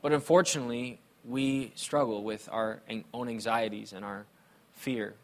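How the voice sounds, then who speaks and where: In his sermon, a male pastor recounts personal anecdotes at a normal speed and with a medium-pitched voice. He keeps it chatty and animated, joking playfully along the way.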